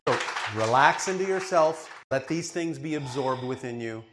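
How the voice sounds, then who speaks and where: Over a loud crowd in a very noisy setting, a man answers a questioner with a channeled spiritual teaching. His mid-range voice is animated and moderately paced, and his emphatic, didactic delivery includes frequent checks for understanding.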